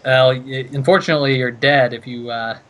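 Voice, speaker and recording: A man's voice: medium pitch, steady tone, brisk, fairly bright tone. A man casting a card game tournament, talking through each play with plenty of thinking-aloud fillers. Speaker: esports caster.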